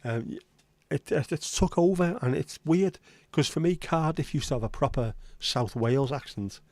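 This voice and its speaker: A man's voice: a little high, normal speed, a little mellow, no echo. A man hosting a casual livestream chat, rambling and reading out viewer comments. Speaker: livestream host.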